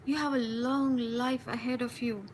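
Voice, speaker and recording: A woman hosting a spiritual live stream from home, talking passionately and intensely, speeding up when excited and laughing often. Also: on the high side, unhurried, a little hiss or hum, poor audio. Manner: frequent laughs and warm endearments. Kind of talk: live-stream talk to viewers.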